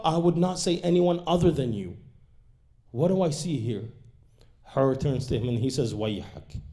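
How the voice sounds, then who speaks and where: Dramatic male preacher telling a story. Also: medium pitch. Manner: dramatic storytelling, swinging between hushed and raised lines; quotes classical Arabic lines quickly, then translates them. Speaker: speaker at a religious gathering. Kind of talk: sermon narrating a historical account. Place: mosque or community center hall.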